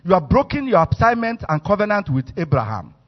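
A man's voice: sits high, very animated, fairly quick, faint music behind. A man with a Nigerian accent voicing an older male prophet who pleads earnestly and respectfully. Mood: pleading. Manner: earnest, reasoning, deferential. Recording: echoey hall, muffled sound.

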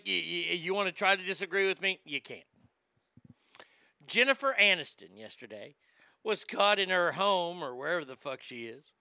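Profane, bright-voiced man ranting. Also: a little high, gravelly, clean tone, no room sound, studio quality. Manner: profane, mocking, rambling. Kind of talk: comedic rant.

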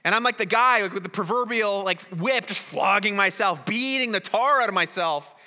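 Conversational man preaching, bright voice. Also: high-pitched, moderate pace. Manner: conversational, repeats words, asks the audience "right?". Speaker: pastor. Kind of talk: sermon. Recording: reverberant hall.

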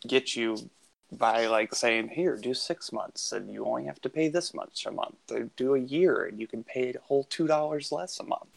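Gravelly man in relaxed podcast chat. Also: mid-range voice, moderate pace. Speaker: podcast co-host.

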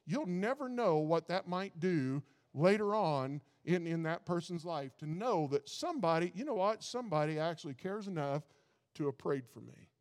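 A man's voice: on the high side, lively intonation, moderate pace, big-room sound. A man preaching a sermon in a folksy way, often stumbling over and repeating his words. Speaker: pastor.

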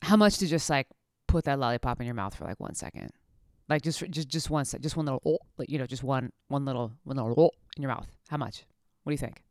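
A woman voicing a female coworker who quietly coaxes someone into a gross dare, in a wheedling way. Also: a bass voice, fast, no room sound, clean studio sound. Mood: coaxing. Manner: wheedling, hushed.

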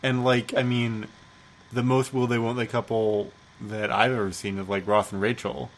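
A man's voice: medium pitch, level tone, normal speed, rough recording. A man co-hosting a podcast, talking bluntly and emphatically with a lot of swearing. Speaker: podcast co-host. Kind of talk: casual chat.

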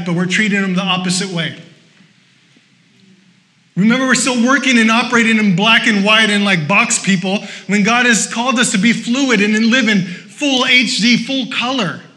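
High, bright-voiced male pastor preaching. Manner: lively and conversational, with joking asides; exhorting, repeating short phrases. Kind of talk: sermon.

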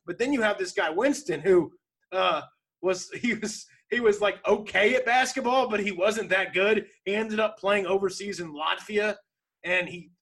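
High-voiced man in casual chat. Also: moderate pace, breathy edge. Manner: rambling, animated retelling with laughs. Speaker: podcast co-host.

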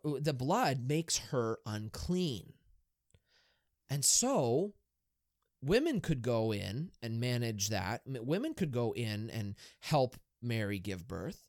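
A man, a Catholic priest, talking in a casual podcast discussion, explaining things in a lively way and asking rhetorical questions. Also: mid-range voice, dry recording, clean studio sound. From Erie, Pennsylvania, US.

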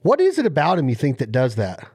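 A man in casual chat, telling stories in an animated, excitable way. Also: mid-range voice, quick pace, husky.

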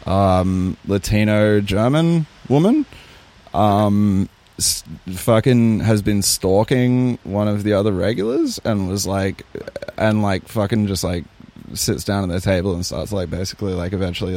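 Gravelly, swearing Australian guy. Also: lowish voice, moderate pace, darkish tone. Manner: crude, joking, heavy swearing, playing dumb. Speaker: podcast co-host. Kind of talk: casual podcast chat.

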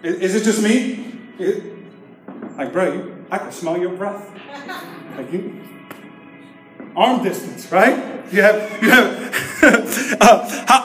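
Pastor guy w a high voice, joking around, roomy echo n music under him. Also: slow, pauses often. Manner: lively, joking, calls for audience response. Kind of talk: sermon with humorous stories. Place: church service. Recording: echoey room with music behind.

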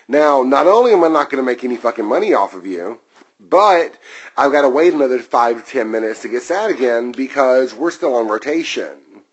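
A man's voice: medium pitch, expressive, brisk, lo-fi sound. A man working as a restaurant server, delivering a heated, profanity-laden vlog rant that drifts into side tangents. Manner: wanders off on tangents, then returns.

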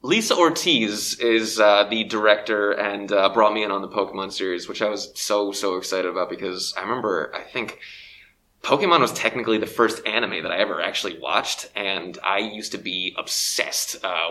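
A young voice actor, a guest at a convention panel, talks eagerly in an interview, rambling with fillers. He speaks through a face mask into a handheld mic, his voice on the low side and sharp-toned, with a little hiss or hum.

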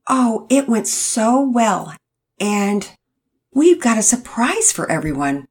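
A woman voicing a pleasant, cheerful mother who gushes warmly over good news. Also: fairly high pitch, very animated, slow pace, slightly rough, voice pushed up, heavily acted. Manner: pleasant, gushing.

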